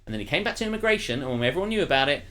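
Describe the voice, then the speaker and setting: A man's voice: a little high, very animated, very fast, bright, forceful tone. A man co-hosting a casual live stream, telling rambling stories and laughing often. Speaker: co-host.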